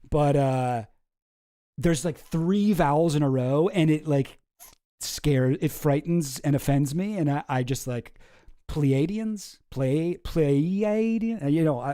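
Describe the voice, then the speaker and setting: A man's voice: fairly high pitch, unhurried, dark tone, no room sound, studio quality. A man hosting a casual comedic commentary video, talking in a rambling, wry way and often cutting himself off mid-sentence. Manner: rambling, self-interrupting, wry. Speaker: YouTube commentary host.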